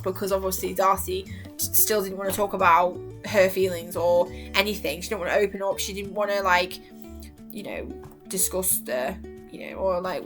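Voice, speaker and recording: A young woman chatting excitedly in a casual review, gushing and acting out quotes between laughs. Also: mid-range voice. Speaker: YouTuber reviewing a TV series.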